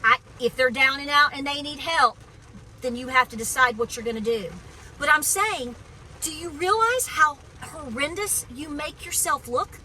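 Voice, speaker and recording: High, bright-voiced homesteading woman ranting. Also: moderate pace, slight background noise, rough recording. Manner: impassioned, preachy, emphatic. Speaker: homesteading vlogger. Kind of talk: outdoor political vlog rant. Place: outdoors on a farm.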